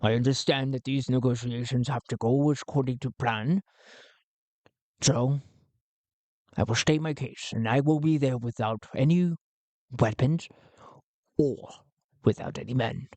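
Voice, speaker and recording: A man voicing a sophisticated, haughty scavenger leader with a Scottish tinge, speaking in a refined, deliberate way. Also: steady tone, a little mellow, no echo, lightly acted. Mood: formal. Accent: Sean Connery-like Scottish tinge. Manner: refined, deliberate, low and clipped.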